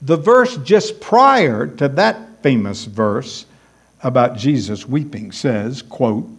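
A man's voice: medium pitch, big pitch swings, slow pace, husky. A man preaching a sermon, emphatic and repeating key words for stress.

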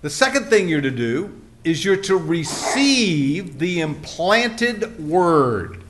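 A man's voice: a little high, big pitch swings, slow, a bit bright, slight background noise. A man preaching a sermon, telling folksy stories and acting out the people in them. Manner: folksy storytelling, acts out quoted voices. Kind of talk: sermon with anecdotes.

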